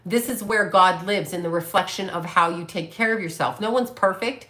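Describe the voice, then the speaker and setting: A woman's voice: on the low side, moderate pace, fairly bright tone. A woman in her late fifties chatting casually on a livestream, reading viewer comments and answering them bluntly with plenty of swearing. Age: 50s. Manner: blunt, profane, talks back to commenters. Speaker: psychic medium livestream host.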